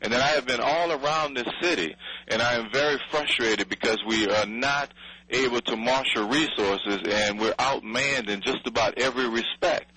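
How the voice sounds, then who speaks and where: A man's voice: mid-range voice, normal speed, bright, forceful tone, rough recording. A man, angry and blunt in a radio interview, swearing and pleading for help. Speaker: city official interviewed by radio. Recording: radio broadcast audio.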